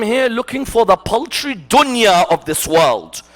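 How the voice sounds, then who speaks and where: Male lecturer, fervent sermon style, highly animated pitch, loud then hushed. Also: a little slow, hardly any pauses. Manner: impassioned, rhetorical questions, swings from loud to hushed. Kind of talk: religious lecture. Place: mosque hall.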